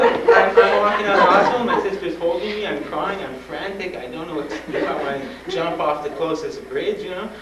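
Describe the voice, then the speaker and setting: Male guest speaker, frank and animated, slightly high-pitched, recorded from afar on noisy tape. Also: a little fast, few pauses. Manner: animated, acts out dialogue, laughs often; frank and urging. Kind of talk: personal storytelling talk to students. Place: school hall with an audience. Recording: roomy old tape from a distant mic, noisy.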